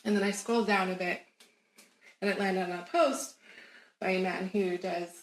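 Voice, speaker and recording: A woman guest on an interview show, telling a personal story in an animated, emphatic way and laughing often. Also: medium pitch, normal speed. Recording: roomy echo.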